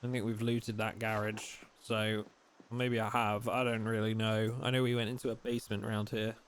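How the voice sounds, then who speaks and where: A man's voice: on the low side, little pitch movement, normal speed, slight background noise. Chatty man streaming a game. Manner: chatty, reads chat aloud and thinks out loud. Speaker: streamer playing a survival game. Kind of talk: casual live-stream commentary.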